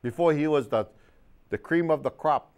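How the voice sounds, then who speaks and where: A man preaches on television with fiery, emphatic conviction. His fairly high voice stays smooth and resonant as he swings between loud bursts and low, quiet stretches. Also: normal speed. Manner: impassioned, emphatic preaching with big swings in pitch and loudness. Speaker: minister and TV host. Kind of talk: televised sermon.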